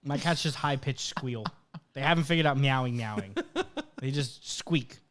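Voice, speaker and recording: A man's voice: medium pitch, normal speed, a bit bright. A married man co-hosting a casual podcast, bantering and joking with some swearing. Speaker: podcast co-host. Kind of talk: casual chat.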